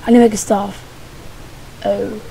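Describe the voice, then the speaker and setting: A woman's voice: mid-range voice, little pitch movement, normal speed, vocal fry, warm tone, a little hiss or hum, low-quality recording. A woman talking casually to herself while playing a video game, muttering as she goes. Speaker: gaming channel host. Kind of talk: casual let's-play commentary.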